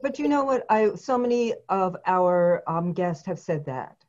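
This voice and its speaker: A woman co-hosting a casual interview, commenting in a lively, expressive way. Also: lowish voice, measured pace. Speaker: podcast co-host. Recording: dull lo-fi sound.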